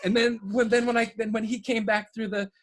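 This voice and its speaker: Man, podcast guest, hesitant, repeats words, fairly high voice. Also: little pitch movement, a little fast. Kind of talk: casual storytelling chat.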